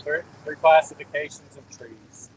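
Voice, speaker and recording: A man's voice: on the high side, monotone, normal speed, a little hiss or hum, rough recording. Chatty New England man on a call. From New Hampshire. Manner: chatty, joking, says "man" and "dude". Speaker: guest on call. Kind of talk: casual phone chat. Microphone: phone call while driving.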